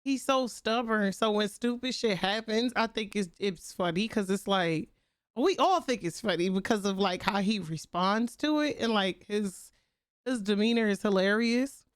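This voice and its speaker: A woman's voice: medium pitch, normal speed, no echo, studio quality. A young adult woman streamer chatting casually, telling a family story with slang and a lot of laughter. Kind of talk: casual live-stream chat.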